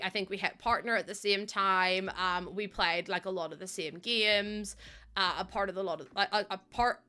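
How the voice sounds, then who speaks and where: A young woman streaming a game, chatting casually and rambling to her chat with giggles and sudden excited bursts. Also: medium pitch. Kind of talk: casual live-stream chat while playing.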